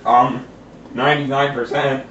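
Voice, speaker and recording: A teenage boy prank-calls a friend, keeping up a deadpan fib in a mumbling way. He sits back from the mic in an echoey room, and the recording is dull and muffled, with clear hiss behind him. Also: mid-range voice, unhurried, distant mic. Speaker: prank caller. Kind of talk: prank phone call.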